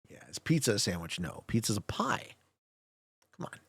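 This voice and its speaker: A man's voice: lowish voice, sing-song, normal speed, a bit bright, breathy edge, no room sound. A young man streaming a strategy game, chatting casually, joking and laughing often as he answers chat. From Canada.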